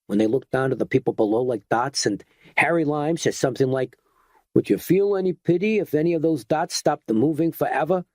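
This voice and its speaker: A gruff, cynical man barks orders and grumbles bitterly, pitched above a normal speaking voice, as an audiobook narrator puts him on. The sound is close and dry. It is a horror audiobook character. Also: a little fast, no room sound, lightly acted. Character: blunt, cynical middle-aged man taking charge.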